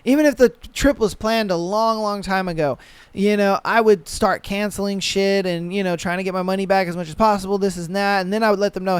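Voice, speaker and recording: A man's voice: high-pitched, normal speed, clean tone, no echo. A young man hosting a podcast, ranting in a casual, exasperated and profane way. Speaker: podcast host. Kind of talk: casual reaction rant.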